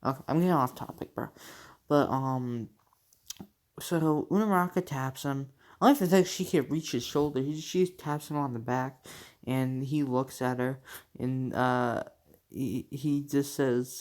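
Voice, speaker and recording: A man's voice: mid-range voice, slow, darkish tone. A young man casually telling a fan-fiction story, rambling with lots of fillers and swearing. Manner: rambling, full of fillers and swearing, laughs at his own story. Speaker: channel host.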